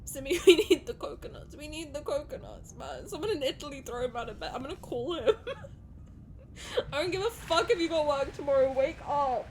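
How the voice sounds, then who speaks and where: A woman's voice: sits high, a little fast, a little hiss or hum. A young woman streaming her reaction to a game, laughing through tears, swearing and talking expressively while crying. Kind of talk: live reaction stream, casual chat.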